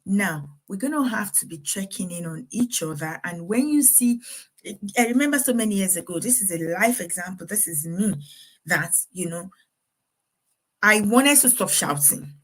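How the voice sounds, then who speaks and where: With a bright-ish, mid-range voice, lively intonation and moderate pace, a middle-aged woman earnestly advises parents from a faith perspective. She laughs now and then as she speaks.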